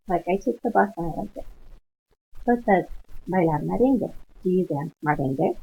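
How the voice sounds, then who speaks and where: A woman's voice: fairly low pitch, animated, brisk, gravelly, slight background noise. A woman Spanish instructor patiently walking students through online coursework, mixing English with Spanish words. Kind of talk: screen-share walkthrough of online coursework. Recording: tinny phone-like lo-fi audio.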